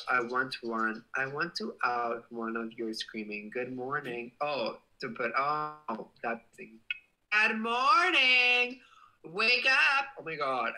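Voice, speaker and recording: Bright, gushing livestream chatter. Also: medium pitch, poor audio. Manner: playful and gushing, swears affectionately, animated outbursts. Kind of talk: casual livestream chat, reading viewer comments.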